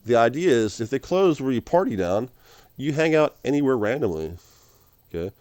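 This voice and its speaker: A man's voice: mid-range voice, very animated, moderate pace, darkish tone, no room sound. A man rambling casually to camera as a vlogger, laughing often and calling the listener dude and man.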